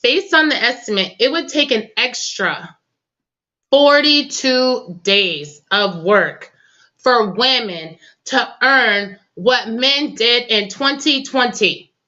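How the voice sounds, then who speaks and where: A woman's voice: on the high side, takes it slowly, sharp tone, dull audio. A woman hosting a political talk show, impassioned and tearful, speaking in casual slang. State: crying. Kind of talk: emotional political commentary.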